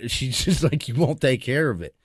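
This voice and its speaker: A man's voice: mid-range voice, very animated, moderate pace, husky, dry recording, studio quality. A young man hosting a podcast, joking crudely and laughing often with his co-hosts in casual banter. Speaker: podcast host.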